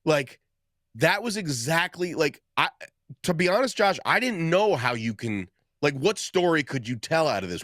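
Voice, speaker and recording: A man's voice: fairly high pitch, very animated, moderate pace, fairly bright tone, no room sound, studio quality. A man co-hosting a podcast in casual chat, rambling and acting out quotes in different voices. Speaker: podcast co-host.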